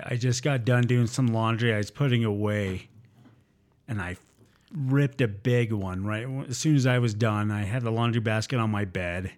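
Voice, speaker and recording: A man in casual comedic chat, crude and wisecracking, laughing at his own jokes. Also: medium pitch.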